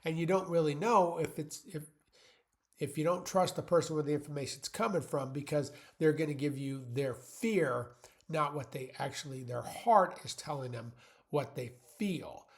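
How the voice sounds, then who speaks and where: Blunt, plain-spoken man with a somewhat high voice. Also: normal speed. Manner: rambling, many fillers and restarts. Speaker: channel host. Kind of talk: casual motivational monologue.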